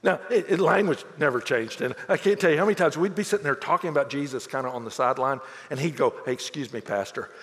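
A middle-aged man preaching a sermon as pastor, telling stories with lively quoted voices. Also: fairly high pitch, quick pace, few pauses, in a large hall. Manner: animated storytelling with quoted voices.

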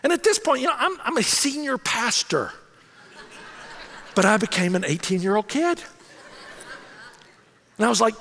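A middle-aged male pastor preaches with a high, wide-ranging voice and a gravelly edge. He tells stories in an animated, self-mocking way, and his words ring out with a long reverb through a church hall. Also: moderate pace, long pauses. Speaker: senior pastor. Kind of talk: sermon.

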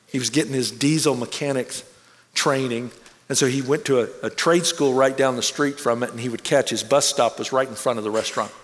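A man preaching a sermon, telling a personal story in an animated way and acting out the people he quotes. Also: mid-range voice, a little fast. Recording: long reverb of a large hall.

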